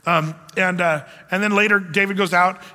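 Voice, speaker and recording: Speaking at a normal speed in a voice that sits high, a pastor gives a loose, conversational sermon, animatedly acting out the people he quotes. A large hall's long reverb surrounds him.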